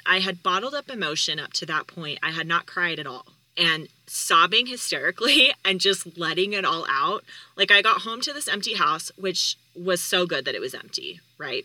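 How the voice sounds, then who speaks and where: A woman hosts her podcast with a very bright, sharp voice and recounts a personal story in a candid, heartfelt way. Her delivery is conversational. The recording is dry and close, with no room sound. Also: lowish voice, no echo, rough recording. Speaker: podcast host.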